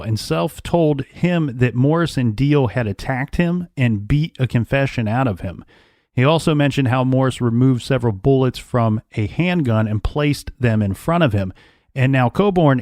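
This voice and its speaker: A man co-hosting a true crime podcast, recounting case details at a quick clip with dry asides. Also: mid-range voice, darkish tone, dry recording. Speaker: podcast co-host.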